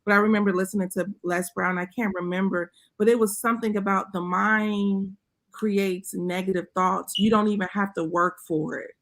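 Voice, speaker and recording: A woman's voice: mid-range voice, steady tone, normal speed, fairly bright tone. A woman co-host in a casual chat over a video call, rambling and reflective as she searches for words.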